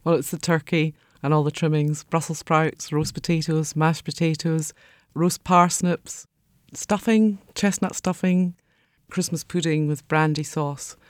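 A woman's voice: deep voice, fairly even intonation, unhurried, no room sound, clean studio sound. An older woman chatting as a radio interview guest. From Scotland.

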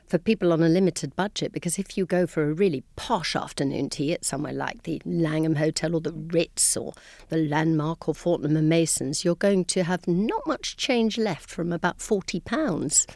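A middle-aged English woman, a London tour guide, explaining customs in a chatty, gently amused way on a radio interview. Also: low voice, normal speed, gravelly, no echo.

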